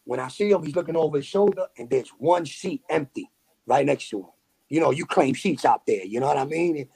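Gravelly New man telling a story. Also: fairly high pitch, fairly quick. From New York City. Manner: animated street slang with sound effects. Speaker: podcast guest. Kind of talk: casual storytelling.

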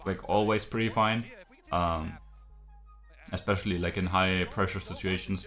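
Low-voiced guy reacting to a league match, swearing a lot, lots of uh and i mean, faint music behind. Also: fairly bright tone. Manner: frustrated, swearing, ranting with many fillers. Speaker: esports reaction streamer. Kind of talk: live game reaction commentary.

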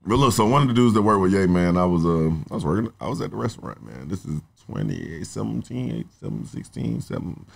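A young adult songwriter in casual podcast talk, rambling through stories with plenty of profanity. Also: male voice, on the low side, animated, fast talker, gravelly, few pauses. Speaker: songwriter guest.

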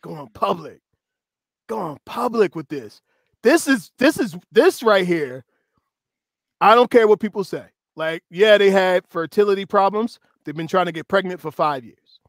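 A male host in casual discussion, animated, laughing often and drawing out quoted words slowly for emphasis. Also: sits high, dry recording, clean studio sound.

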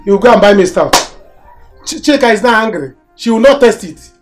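An actor with a Nigerian accent playing a stingy, boastful older brother who mocks and orders people about. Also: male voice, high voice, expressive, a little fast, over music. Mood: mocking. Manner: mocking, boastful, mixes Igbo and Yoruba phrases. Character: boastful, stingy male moneyed big brother. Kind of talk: Nollywood film acting.

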